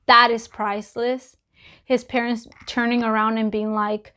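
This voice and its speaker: A woman with a somewhat high voice talks straight to camera in casual opinion commentary. She is blunt and emphatic and swears freely. She repeats her points and speaks directly to the people she is discussing. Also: level tone, unhurried, pushed and bright, clean tone. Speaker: vlogger.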